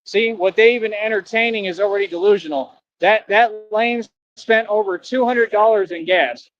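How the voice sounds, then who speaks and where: A man's voice: high-pitched, moderate pace, hardly any pauses, a bit bright, muffled recording. A man livestreaming outdoors from the street, ranting in a boastful, taunting way, full of slang.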